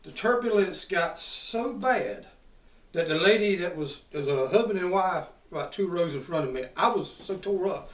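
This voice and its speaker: A man's voice: high voice, lively intonation, normal speed. Rowdy, profane man telling stories. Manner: profane, rowdy, drawling storyteller. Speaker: podcast host. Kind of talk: casual storytelling. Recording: roomy sound from a distant mic.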